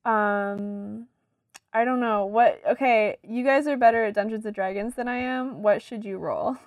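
A woman's voice: on the high side, measured pace, no echo, studio quality. A woman running a tabletop game as game master, laid-back and hesitant, with many fillers. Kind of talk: casual tabletop game narration.

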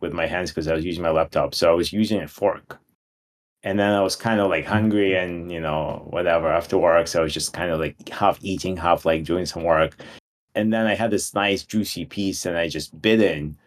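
A young man who is a guest on a podcast, telling lively anecdotes in a casual chat and laughing through them. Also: deep voice, moderate pace. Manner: animated storyteller, laughs through his anecdotes. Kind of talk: casual storytelling.

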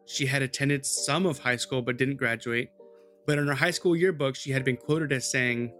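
A man's voice: mid-range voice, steady tone, normal speed, a bit bright, soft background music. A man hosting a podcast, telling a true-crime story in a loose, chatty way with swearing and asides to his co-host.

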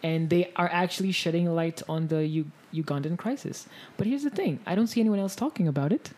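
A woman's voice: on the low side, fairly quick, a little mellow. A woman co-hosting a podcast in casual chat, laughing often and shrieking when amused. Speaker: podcast co-host.

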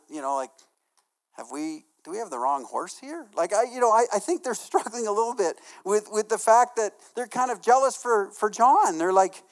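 A man's voice: high voice, clean tone. A man preaches to his church in an easygoing, talky manner. He leans on "you know" and "right?", restarts his phrases, and keeps asking the congregation questions. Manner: casual, filler-heavy, repeats words, asks the congregation questions. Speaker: pastor. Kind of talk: conversational sermon.

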